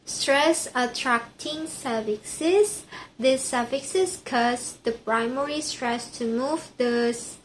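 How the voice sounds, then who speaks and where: High-pitched woman going slow through a class project, repeats words to say them right. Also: slight background noise, rough recording. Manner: careful, repeats words to get the pronunciation right. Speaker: student presenting a project. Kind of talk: reading a class presentation.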